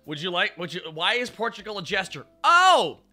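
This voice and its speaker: A man streaming, chatting with his chat in an animated way, swearing and laughing often. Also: sits high, fast, faint music behind. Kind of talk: casual chat.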